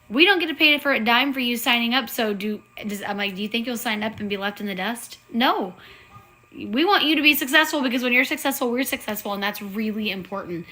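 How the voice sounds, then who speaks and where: A woman speaks with a bright, clear tone. She talks in an earnest, chatty way, like a sales director on a live video call. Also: medium pitch, poor audio. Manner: chatty, earnest, says y'all. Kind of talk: casual live-stream pitch.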